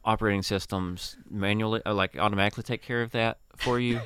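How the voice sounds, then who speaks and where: A man's voice: on the low side, steady tone, quick pace, a bit bright, clean tone, dry recording. A man in a casual group chat, telling jokey stories and acting out voices. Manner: jokey storyteller, acts out voices.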